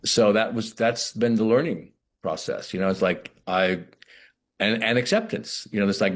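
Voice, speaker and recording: Husky low-voiced man, halting and reflective. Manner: reflective, halting with many restarts. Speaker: actor. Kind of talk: interview conversation.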